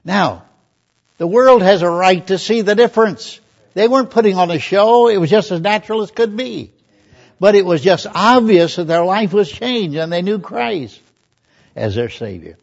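A man's voice: high-pitched, expressive, moderate pace, creaky. An older man, a pastor, preaching a conversational sermon, telling folksy stories and reading scripture aloud. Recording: dull lo-fi recording.

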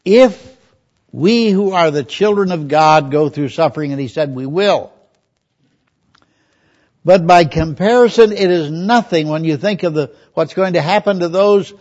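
Older pastor, folksy sermon, dull recording. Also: male voice, on the high side, unhurried, a little mellow. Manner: folksy storytelling, reads scripture aloud. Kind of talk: conversational sermon with Bible reading.

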